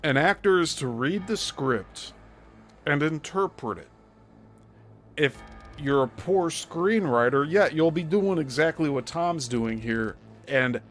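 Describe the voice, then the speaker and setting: A man hosting a show, giving critical, explanatory commentary on a script. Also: fairly high pitch. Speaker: host.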